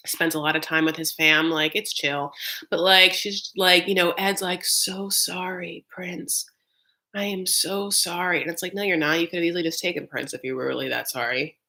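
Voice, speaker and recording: A woman's voice: fairly low pitch, sharp tone. A woman hosting a live reaction recap of a reality show, chatting in a gossipy, sassy way with her viewers.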